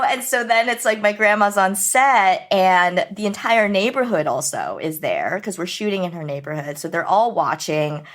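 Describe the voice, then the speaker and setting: A woman film director in an interview, telling family stories in a lively way, laughing and acting out scenes. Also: lowish voice. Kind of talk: animated interview storytelling.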